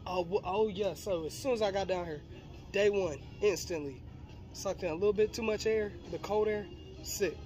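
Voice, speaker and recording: A man's voice: high voice, moderate pace, darkish tone, faint music behind. A man from South Carolina, chatting casually in a vlog and laughing often. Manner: laid-back, laughs often, says "okay, okay". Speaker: vlogger.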